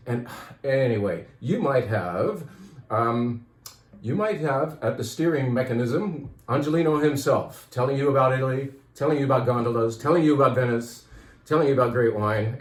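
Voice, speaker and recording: Casting: male wine shop owner, chatty and rambling, slightly winded, mid-pitched, roomy echo. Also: moderate pace. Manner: chatty, enthusiastic, rambling with restarts. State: out of breath, dry throat. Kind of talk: casual promotional talk.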